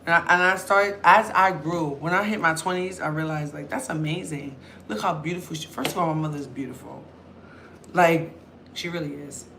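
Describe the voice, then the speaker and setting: A young woman talks straight to her camera in a loud, chatty storytelling way, her easy and relaxed. Her voice sounds bright and forward. A faint background noise sits under the talk. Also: low-pitched, moderate pace. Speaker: vlogger.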